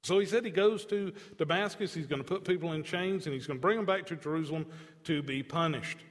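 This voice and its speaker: A man preaching a sermon as pastor, earnest and animated, acting out the scripture quotes as he goes. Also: a little high, fast, big-room sound. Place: church sanctuary.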